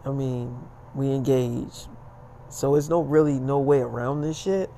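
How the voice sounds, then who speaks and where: A man's voice: mid-range voice, measured pace, creaky, mellow, slight background noise. A man voicing a blunt, matter-of-fact woman. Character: adult woman, blunt and self-justifying. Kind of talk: casual spoken storytelling.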